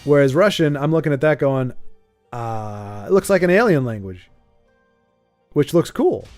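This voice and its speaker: A man's voice: on the high side, expressive, normal speed, a little mellow, faint music behind. A man streaming a card game live, chatting casually, rambling and joking about himself while answering his chat. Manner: rambling, playful, self-deprecating, answers chat.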